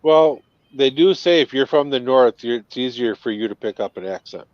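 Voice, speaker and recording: This casual video-call chat features a man from Minnesota whose Northern accent comes through as he talks with ease. His medium-pitched voice is expressive and moves at a normal speed. The dry recording has that dull video-call quality.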